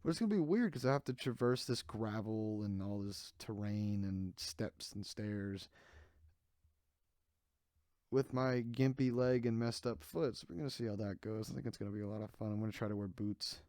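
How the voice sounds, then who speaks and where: A man's voice: fairly low pitch, normal speed, a little mellow, no echo, studio quality. Sleepy rambling man, podcast. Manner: rambling, candid, jokey. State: sleepy, yawning. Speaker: podcast host. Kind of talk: casual solo podcast chat.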